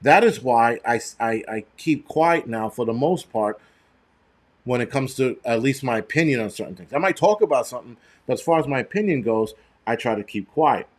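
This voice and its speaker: A man's voice: medium pitch, expressive, moderate pace. A middle-aged man hosting a live stream, talking in a loose, rambling way and breaking into profane, heated rants with many restarts. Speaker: show host.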